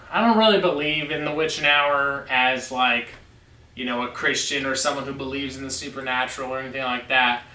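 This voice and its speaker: A man's voice: mid-range voice, sharp tone, recorded from a distance. A man telling a story on a vlog, in an emphatic and insistent way. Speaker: vlogger. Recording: echoey room, away from mic.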